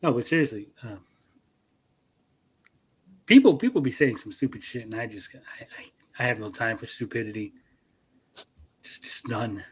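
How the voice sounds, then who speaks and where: A man co-hosting a livestream podcast talks bluntly and profanely, mocking people with put-on quotes in casual chat. His mid-range voice has lively intonation, a breathy edge, normal speed, and frequent pauses.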